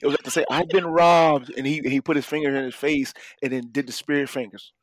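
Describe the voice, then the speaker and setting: A man's voice: medium pitch, steady tone, quick pace, no echo, poor audio. A man in casual chat with friends, teasing and laughing, repeating the punchlines.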